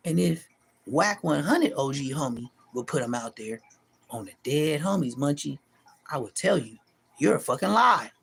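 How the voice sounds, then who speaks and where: A middle-aged man delivering a profane, taunting callout rant to the camera, animated and mocking. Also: moderate pace, vocal fry, breathy edge. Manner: animated, profane, taunting, pitch leaping high in mocking bursts. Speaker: street vlogger.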